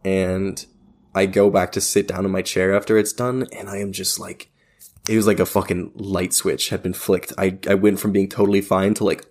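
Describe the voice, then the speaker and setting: A man's voice: sits low, level tone, fairly quick, a little mellow. A young man co-hosting a casual podcast chat, telling stories loosely and swearing freely, with the odd cough. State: post-booster cough. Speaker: podcast co-host.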